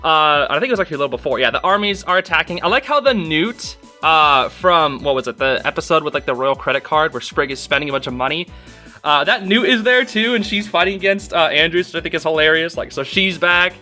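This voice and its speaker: Excited young man gushing over an episode. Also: a little high, quick pace, faint music behind. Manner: excited, gushing, repeats himself. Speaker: video reviewer. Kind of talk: casual episode review.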